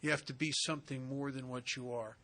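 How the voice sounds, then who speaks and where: A man speaking at a recovery retreat, telling funny stories in an animated, joking way with slangy asides. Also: medium pitch, fairly quick. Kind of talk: humorous storytelling talk. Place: retreat center meeting.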